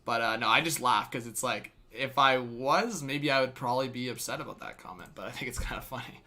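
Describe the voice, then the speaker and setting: A young man calling a hockey game play by play from a live stream, laughing often and shouting when the action heats up. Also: medium pitch, fairly quick. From Canada. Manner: laughs often, bursts into loud excited shouts on big plays. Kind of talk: live fan play-by-play commentary.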